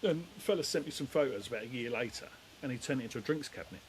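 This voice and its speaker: A man's voice: medium pitch, expressive, rapid-fire, a little hiss or hum, low-quality recording. A middle-aged man, a demolition company head, telling stories in a rambling, down-to-earth way. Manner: rambling, down-to-earth, lots of fillers. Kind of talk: casual storytelling chat.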